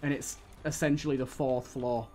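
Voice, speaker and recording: A man's voice: medium pitch, steady tone, normal speed, darkish tone, soft background music. A young British man streaming a game, giving exasperated running commentary full of swearing. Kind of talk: live gameplay commentary.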